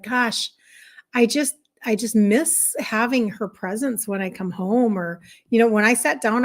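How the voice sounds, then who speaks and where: A middle-aged woman with a medium-pitched voice hosts a casual health coaching livestream. Fired up and cheerful, she says hello to viewers and reads their comments aloud.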